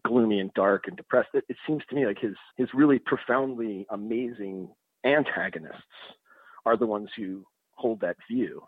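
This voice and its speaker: Low-voiced man musing over books, halting restarts, tinny phone-like sound. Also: slightly rough, dry recording. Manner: thoughtful, hesitant, many restarts. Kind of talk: casual conversation.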